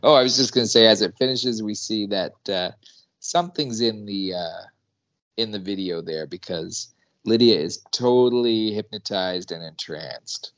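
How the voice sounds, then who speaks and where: Low-voiced male co-host, animated storyteller, lo-fi. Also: normal speed. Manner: animated storyteller, laughs often. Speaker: podcast co-host, teacher. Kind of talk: casual recap chat.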